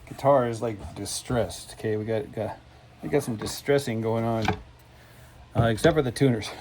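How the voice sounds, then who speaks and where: A man's voice: on the low side, normal speed, long pauses, a little mellow, a little hiss or hum, rough recording. Folksy man demonstrating in a workshop. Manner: folksy, rambling, repeats himself. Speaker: cigar box guitar builder.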